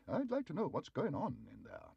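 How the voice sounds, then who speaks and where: A man voicing a brisk, firm older housekeeper woman with a disapproving manner, in a husky voice. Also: on the high side, huge pitch swings, dry recording, dull audio, full character voice. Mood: indignant.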